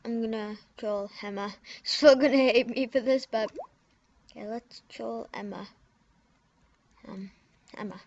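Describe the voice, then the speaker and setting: Typing away, a young woman giggles and mumbles through casual commentary on a prank game video, speaking haltingly and letting her words trail off. Her voice is a little high and steady in tone, recorded on a dull lo-fi computer mic against a noisy background.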